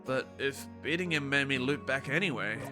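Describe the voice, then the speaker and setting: A streamer voicing Siffrin, a tired and shaken young hero, reading game lines in a low, quiet voice. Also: moderate pace, lightly acted. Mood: weary. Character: weary young male hero, trapped and shaken. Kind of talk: reading game dialogue aloud. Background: game music.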